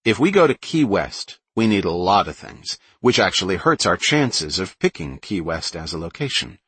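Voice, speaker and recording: A man reading a brainy teenage girl who explains her plans in a precise, calm way, in an audiobook. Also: low voice, normal speed, breathy edge, no room sound, exaggerated voice. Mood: explaining.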